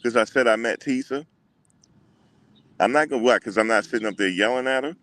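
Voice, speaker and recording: A man hosting a casual livestream, talking back to his chat in an animated way and repeating what others said. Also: mid-range voice, a little fast. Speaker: livestream host.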